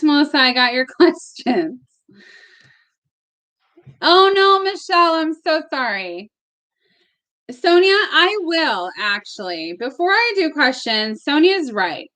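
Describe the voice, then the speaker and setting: Young woman, high voice, unhurried, chatty tarot live-streamer in her bedroom, bubbly and giggly. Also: pushed and bright. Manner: bubbly, greets chat viewers by name, laughs often. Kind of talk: casual live-stream chat.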